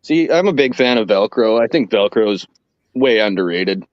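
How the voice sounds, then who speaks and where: A man's voice: fairly low pitch, normal speed, no echo. A man in casual chat, telling stories with a lot of swearing. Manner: profane, animated storyteller. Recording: dull, dry lo-fi audio.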